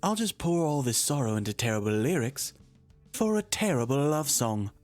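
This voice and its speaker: A woman's voice: a bass voice, big pitch swings, moderate pace, a little mellow, soft background music, pitched below the performer's own voice. A woman voicing a playful, teasing young man who jokes in a lazy drawl in a story game.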